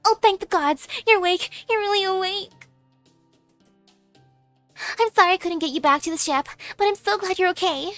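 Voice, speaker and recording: A woman doing a gushing, high young companion. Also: normal speed, pauses often, fairly bright tone, no room sound, faint music behind. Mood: relieved, excited. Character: excitable young woman companion, earnest and caring. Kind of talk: reading game dialogue aloud.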